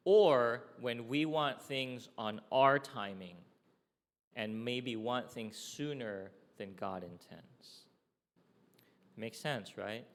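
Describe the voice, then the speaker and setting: A man's voice: medium pitch, takes it slowly. A man preaching a sermon in a conversational way, often checking in with his listeners with "okay?" and "right?". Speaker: pastor. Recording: long hall reverb.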